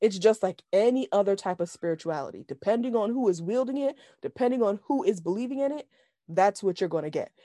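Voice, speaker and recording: A woman talks in a casual chat, blunt and frequently profane, laughing between points. Her pitch swings widely, and the sound is dry and close. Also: expressive, fast, dark tone, no echo. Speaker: podcast co-host reviewing a film.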